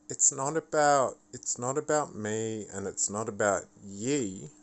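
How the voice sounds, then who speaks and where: Man, vlog rant, tired, blunt and profane, slow and deliberate. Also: fairly low pitch. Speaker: vlogger. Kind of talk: casual ranting monologue.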